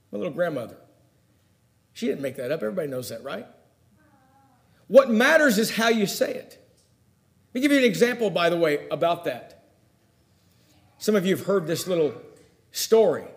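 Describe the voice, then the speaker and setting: A man preaching a sermon, telling personal stories, who swings between loud emphatic lines and hushed asides. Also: high-pitched.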